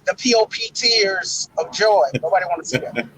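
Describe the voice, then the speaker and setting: A man co-hosting a casual wrestling talk show, talking in an emotional, preacher-like way with dramatic pauses. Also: sits high, fairly bright tone, a little hiss or hum, rough recording. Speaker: podcast co-host.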